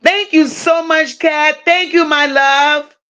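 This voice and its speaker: Blunt, high-pitched woman livestream host. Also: slow pace. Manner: blunt, profane, animated banter with chat. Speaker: livestream host reading chat. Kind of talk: casual true-crime livestream chat.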